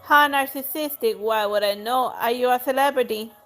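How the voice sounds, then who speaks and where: A charming, pretentious lady traveler flatters with false politeness, read aloud by a woman. Her tone is a bit high, and light music drifts faintly behind. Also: normal speed, close to an everyday voice. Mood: sly. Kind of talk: reading game dialogue aloud.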